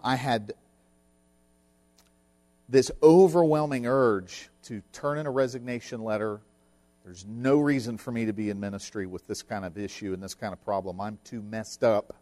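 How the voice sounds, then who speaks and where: A man's voice: medium pitch, darkish tone. A middle-aged man preaching a sermon, telling a personal story in an earnest, emphatic way. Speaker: pastor.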